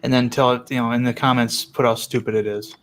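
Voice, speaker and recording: A man's voice: medium pitch, flat delivery, fast. A man joking and teasing others in a casual group chat.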